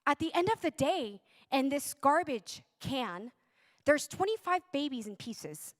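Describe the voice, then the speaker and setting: A woman telling a personal testimony with deep emotion. She is intense and slows down dramatically on the words she wants to stress. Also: lively intonation. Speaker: speaker giving a personal testimony.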